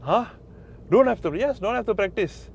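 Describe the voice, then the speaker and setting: A man's voice: high-pitched, lively intonation, moderate pace, creaky, a little hiss or hum. A man with a Malaysian English accent, a Mandarin teacher giving casual tips, emphatic and repetitive. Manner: emphatic, repeats phrases, mixes in Malay words. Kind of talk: casual language tips to camera.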